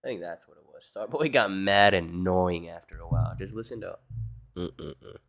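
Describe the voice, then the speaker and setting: A young man livestreaming chats casually with his viewers, answering chat in a low-pitched, fairly bright voice at a fairly quick pace. He's laid-back and rambling and swears a lot.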